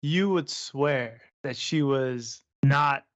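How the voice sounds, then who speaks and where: A man from Southern California co-hosting a casual chat podcast, excitable, laughing often and talking over his co-host. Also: mid-range voice, very slow, muffled recording.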